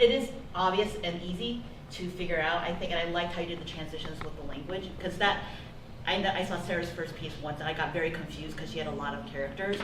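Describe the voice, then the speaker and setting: A low-voiced woman asks a hesitant, rambling question from the audience. She sounds distant, picked up from across an echoey hall with clear noise around her. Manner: rambling, hesitant, many restarts. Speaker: audience member asking a question.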